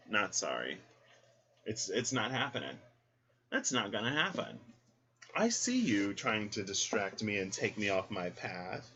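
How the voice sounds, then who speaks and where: Man, tarot reader, sassy and chatty, bright, forceful voice, muffled lo-fi audio. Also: on the low side. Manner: sassy, chatty, talks to the listener as "girl". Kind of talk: casual tarot reading talk. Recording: dull lo-fi sound.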